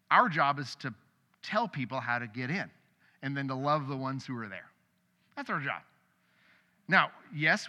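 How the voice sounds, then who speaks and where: A middle-aged man preaching a sermon as pastor, conversational and animated, with sudden loud bursts. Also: on the high side. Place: church sanctuary. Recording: long hall reverb.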